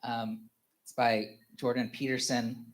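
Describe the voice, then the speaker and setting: A man in his thirties giving a personal testimony at a church family service, speaking haltingly with many fillers and restarts and chuckling often. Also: medium pitch, flat delivery. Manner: halting, full of "you know" fillers and restarts; chuckles often while telling stories.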